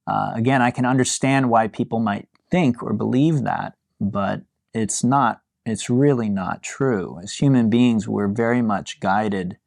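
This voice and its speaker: A man teaching a yin yoga class, talking to his students in a relaxed, musing way with light amusement. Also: medium pitch, creaky, no room sound, studio quality.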